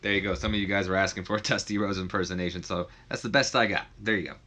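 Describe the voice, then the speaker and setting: A man's voice: deep voice, fairly even intonation, rapid-fire, pushed and bright. A man giving loose, rambling commentary on a wrestling management game and acting out characters' lines. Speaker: video creator.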